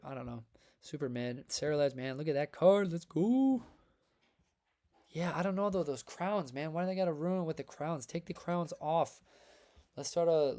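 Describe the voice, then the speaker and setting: Hyped-up guy on a card stream, voice a bit worn, slightly high-ish pitch, calls everyone folks. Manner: energetic, hype-filled, talks to chat as folks and man. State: voice worn from long reading. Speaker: livestream host reviewing trading cards. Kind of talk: casual livestream chat reading viewer comments.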